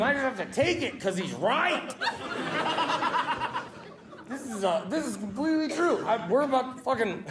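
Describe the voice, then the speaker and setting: High-voiced brash stand-up comedian. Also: male voice. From US South. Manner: brash, profane, shouting punchlines. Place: comedy club stage with live audience. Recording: echoey club with loud crowd laughter.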